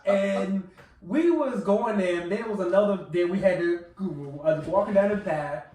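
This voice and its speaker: A young man co-hosting a podcast, telling a story in animated casual chat with frequent laughter. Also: sits high, normal speed. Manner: animated, laughing often, acts out quotes. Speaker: podcast co-host. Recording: roomy echo, distant mic.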